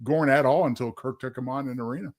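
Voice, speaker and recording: A man co-hosting a casual review show, lively and quick to laugh. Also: mid-range voice. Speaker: podcast co-host.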